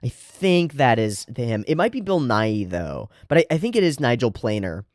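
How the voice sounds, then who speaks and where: A man reads a manga aloud and chats about it in an easy, animated way. His pitch moves a lot as he talks, and he swears casually. The room sound is dry and close. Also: moderate pace, no echo. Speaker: manga reader and channel host.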